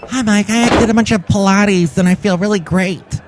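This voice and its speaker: A man doing a bubbly high-voiced ad mom. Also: normal speed, noisy background, close to an everyday voice. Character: perky female TV-ad mom.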